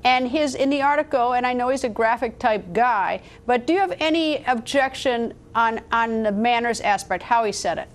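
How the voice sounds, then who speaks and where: A woman's voice: a little high, normal speed, hardly any pauses. A middle-aged woman hosting a television news interview, asking probing, hedged questions with many restarts. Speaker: cable news host.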